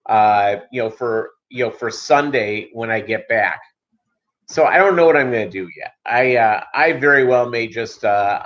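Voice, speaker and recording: A man's voice: mid-range voice, a bit bright. Rambling man in casual live-stream chat. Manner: rambling, halting, many fillers and restarts. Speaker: channel host. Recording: dull lo-fi audio.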